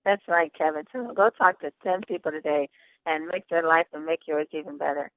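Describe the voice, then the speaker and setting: Upbeat high-voiced man hosting a call. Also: brisk, no echo. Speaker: call host. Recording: phone-line conference call.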